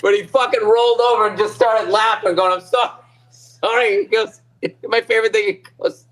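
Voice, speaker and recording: A man's voice: high-pitched, brisk. A man with a Boston accent, co-hosting a casual sports podcast, telling stories with swearing and laughter. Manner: excitable storytelling, swearing, laughing mid-sentence. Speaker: podcast co-host.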